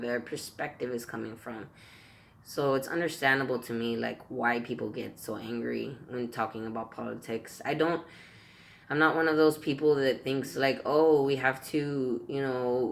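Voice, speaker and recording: A man's voice: medium pitch, vocal fry, fairly bright tone. A man vlogging a heated rant to camera, swearing constantly and tripping over his words as he repeats himself. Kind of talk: profane political rant to camera.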